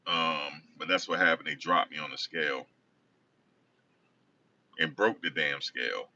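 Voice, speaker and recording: A man's voice: very deep voice, a little slow, pushed and bright. A man casually telling a rambling personal story, often correcting himself. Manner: rambling, self-correcting, conversational. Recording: distant dull lo-fi recording.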